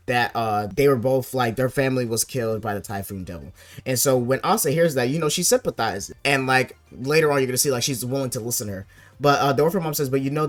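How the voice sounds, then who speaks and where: A man recapping a manga chapter in casual, slangy chat, getting loud and worked up when upset. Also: mid-range voice. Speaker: manga reaction youtuber.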